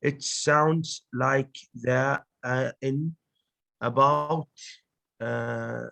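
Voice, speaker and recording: A man whose first language is Arabic, a student in an English lesson, speaking haltingly with many fillers. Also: mid-range voice, steady tone, gravelly, pushed and bright.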